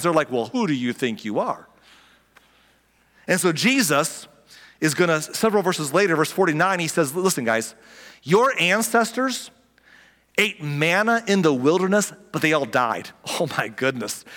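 A male pastor delivering a sermon with a fairly high, very lively voice. He keeps it conversational and humorous, slipping into quick impressions of the people he quotes. The sound carries the long reverb of a large hall.

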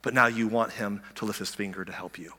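Bright-voiced excitable preacher in a reverberant hall. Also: male voice, lowish voice, fast. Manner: excitable, restarts often, rhetorical questions. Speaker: pastor. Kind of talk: sermon.

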